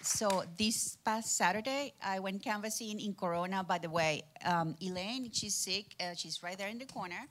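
A woman's voice: mid-range voice, moderate pace, hardly any pauses, fairly bright tone, slight background noise. A woman campaign volunteer speaking hesitantly with many fillers in a casual chat.

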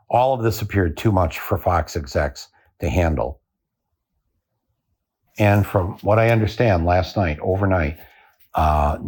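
Male podcast host, husky low voice, dry satirical monologue. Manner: dry, deadpan telling with chuckles.

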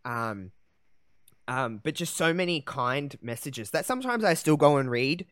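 A man's voice: medium pitch, big pitch swings, a bit bright, dry recording, clean studio sound. Candid man telling an emotional story. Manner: candid, emotional, halting with fillers. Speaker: podcast host. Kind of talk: personal storytelling chat.

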